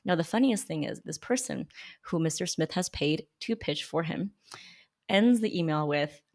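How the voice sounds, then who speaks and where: A woman coaching on public relations, casually critiquing examples with emphatic jumps in pitch and quiet, low asides. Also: animated, moderate pace. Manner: emphatic, with big pitch jumps when reacting. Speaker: small business PR coach and podcast host. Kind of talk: casual critique read to camera.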